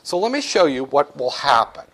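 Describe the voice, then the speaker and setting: Male lecturer, high voice with wide swings, animated and jokey in a classroom. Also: normal speed. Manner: animated, joking, acts out dialogues with students. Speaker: economics lecturer.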